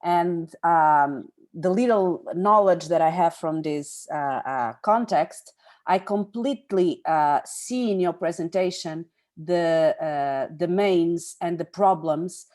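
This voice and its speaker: A woman from Portugal, moderating a conference panel in a halting way with many fillers. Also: on the low side, darkish tone.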